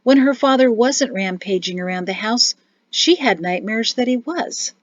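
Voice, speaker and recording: A woman narrating an audiobook with an expressive, even storytelling read. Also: a little high, moderate pace, dry recording. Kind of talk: scripted narration. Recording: dull, dry recording.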